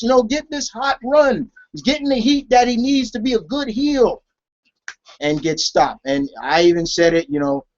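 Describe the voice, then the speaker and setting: A man's voice: extremely high pitch, dull audio. A man co-hosting a casual wrestling talk show, rambling with many restarts. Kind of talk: casual chat.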